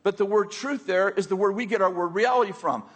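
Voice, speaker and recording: A man preaching a sermon to his congregation, conversational and quick to make joking asides to the room. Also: high-pitched, slightly rough, big-room sound. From United States. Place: church hall with a congregation.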